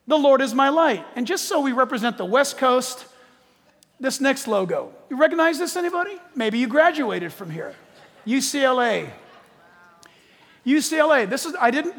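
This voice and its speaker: High-voiced animated male preacher in a hall. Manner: animated, jokey preaching with acted-out quotes. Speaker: pastor. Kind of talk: sermon.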